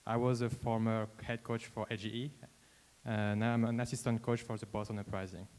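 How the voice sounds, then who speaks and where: A man from French Polynesia introducing himself as an assistant coach at a press conference, polite and a little halting. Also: on the low side, level tone, darkish tone. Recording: reverberant hall.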